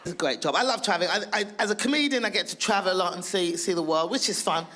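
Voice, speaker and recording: A woman from England, performing stand-up comedy as a comedian in a brash, profane way, acting out loud voices. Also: on the low side, fast talker, slight background noise.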